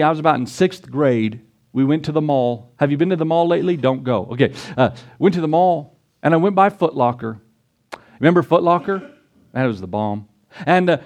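A middle-aged man preaching a sermon, animated and storytelling, with excited peaks. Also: fairly high pitch. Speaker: pastor.

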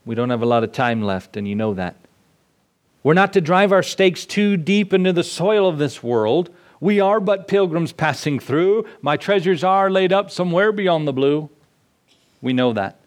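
A man's voice: on the high side, animated, normal speed. A man preaching a sermon, driving points home with repeated phrases and emphatic rises. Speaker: pastor.

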